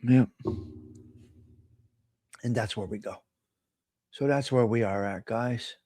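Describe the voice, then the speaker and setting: A man's voice: medium pitch, slow, warm tone, no room sound, studio quality. A man hosting a casual live stream, talking bluntly with a lot of profane trash talk. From Italian American. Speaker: host.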